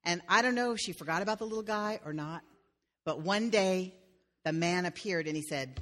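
A woman's voice: lowish voice, moderate pace. A woman pastor telling a fairy tale in a sermon, with playful asides to the listeners.

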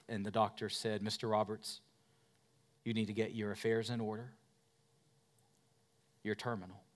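A middle-aged male pastor preaching a sermon, swinging between loud forceful preaching and soft, quiet storytelling, with self-mocking humor. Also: on the low side.

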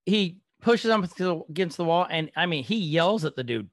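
A man co-hosting a casual TV-show podcast, talking in an animated way and laughing often. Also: on the high side, normal speed, dry recording. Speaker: podcast co-host. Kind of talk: casual chat.

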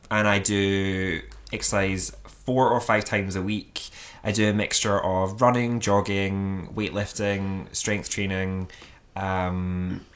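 Chatty lower-voiced man. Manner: chatty and animated, laughing easily, with frequent fillers. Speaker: podcast co-host. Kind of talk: casual chat.

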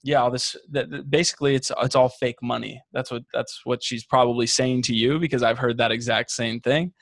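Man, casual podcast banter, easygoing, middle pitch, dry sound. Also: fairly even intonation, fairly quick, gravelly, no room sound. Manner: easygoing, agreeable banter with some restarts. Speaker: podcast co-host. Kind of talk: casual chat.

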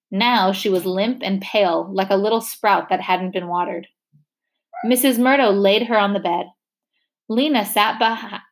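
A woman reading a novel chapter aloud, steady and expressive. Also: medium pitch. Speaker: reader.

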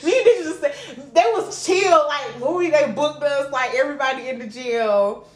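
A young woman podcast co-host, telling an animated, profane story in casual chat and laughing often. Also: sits high, moderate pace. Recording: echoey room with faint ambient noise.

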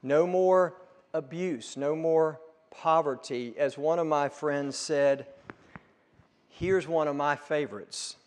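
A man preaching a sermon, piling up emphatic repeated phrases that build to forceful peaks. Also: a little high, slow pace. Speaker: pastor. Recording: long reverb of a large room.

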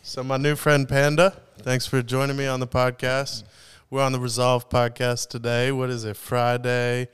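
A man's voice: mid-range voice, little pitch movement, moderate pace, few pauses, clean tone. A man hosting a podcast, chatting in an upbeat, jokey way. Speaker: podcast host. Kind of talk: casual podcast conversation.

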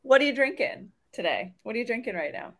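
A woman's voice: on the high side, sing-song, quick pace. A woman co-hosting a podcast in casual chat, talkative and laughing often. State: congested nose. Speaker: podcast co-host.

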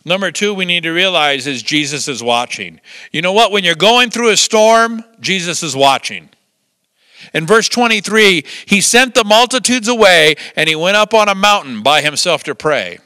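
A man's voice: high voice, normal speed, dry recording. An older man preaching a sermon, telling stories with chuckles and acting out the quotes. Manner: lively storytelling with chuckles and acted-out quotes. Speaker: pastor.

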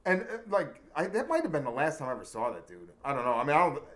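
A man casually telling a wild story with lots of profanity, acting out the shouting cops along the way. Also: medium pitch, wildly swooping pitch, quick pace.

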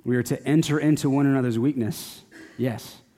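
A man's voice: medium pitch, fairly even intonation, moderate pace, warm tone, long reverb tail. A man preaching a sermon as pastor, earnest and exhorting, and closing in prayer. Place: church.

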